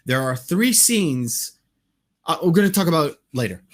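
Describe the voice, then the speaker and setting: A man co-hosting a casual movie podcast, animated, swearing freely and laughing often. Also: on the high side, normal speed. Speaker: podcast co-host.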